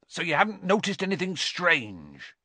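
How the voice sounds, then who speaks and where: A man voicing a huge, gruff male half-giant gamekeeper who talks bluntly in fast, rough bursts, as a storybook reading. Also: sits high, huge pitch swings, sharp tone, dry recording, pitched above the performer's own voice, full character voice. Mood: puzzled.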